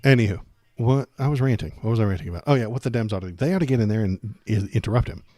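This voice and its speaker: A man's voice: lowish voice, very fast, warm tone, no room sound. A man hosting a political livestream, ranting sarcastically and rambling as he reacts to chat.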